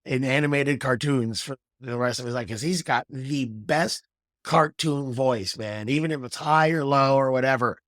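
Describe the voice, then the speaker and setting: A man's voice: mid-range voice, moderate pace, a bit bright, dry recording, studio quality. A man co-hosting a podcast in casual chat, laid-back, laughing easily and swearing. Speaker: podcast co-host.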